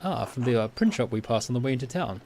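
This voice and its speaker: A man's voice: medium pitch, expressive, fast talker, creaky, a little mellow, a little hiss or hum. A man reading a practical young woman. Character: young woman printer's daughter, practical and modest.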